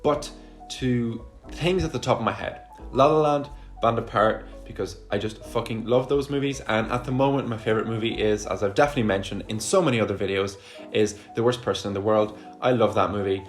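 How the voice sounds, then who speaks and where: In a casual to-camera Q&A, a young man in his 20s whose first language is Russian talks fairly quickly in a low voice, with faint music behind him. He's an eager, talkative vlogger who swears often, using a camera he sets up himself.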